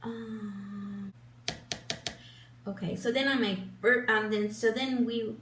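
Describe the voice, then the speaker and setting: A woman's voice: on the high side, fairly even intonation, slow pace. An older woman chatting casually while doing her makeup, rambling, with lots of fillers, restarts and laughs. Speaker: beauty vlogger. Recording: roomy, distant mic, faint hum.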